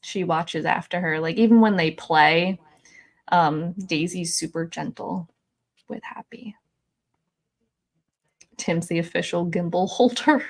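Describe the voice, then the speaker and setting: A woman's voice: on the low side, slow pace, creaky, long pauses. A woman hosting a casual livestream from home, chatty and giggly, often laughing as she talks. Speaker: livestream host.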